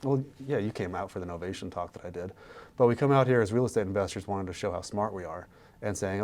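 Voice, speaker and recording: A man who invests in real estate, talking casually on a podcast and acting out sales pitches with animation. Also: fast, darkish tone.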